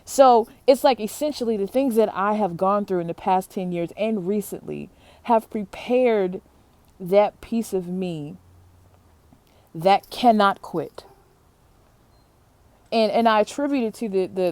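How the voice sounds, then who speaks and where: A woman's voice: mid-range voice, a little slow, dark tone. A woman telling her own story to her listeners in a candid, open way and laughing now and then. Her voice sits in an ordinary middle range. The sound is dry and close, with no room echo. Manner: candid, addresses listeners as y'all, laughs easily. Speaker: podcast host. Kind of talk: personal storytelling talk.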